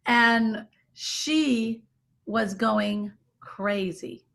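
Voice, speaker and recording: A woman leading an online discussion group, telling a personal story in an animated, laughing way. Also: on the high side.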